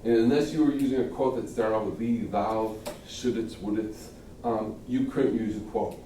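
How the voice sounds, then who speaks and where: A middle-aged man with a warm, medium-pitched voice teaches a speech-giving class at a slightly quick clip. He's chatty and casual, keeps checking in with "okay?" and acts out how the audience would react. The audio is roomy, picked up by a distant classroom mic with faint room noise.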